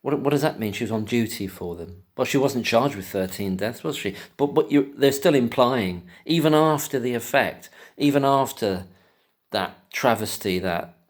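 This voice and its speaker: A man in an angry solo rant, agitated and sweary, stumbling over restarted words in rapid outbursts. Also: mid-range voice, animated. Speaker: commentator.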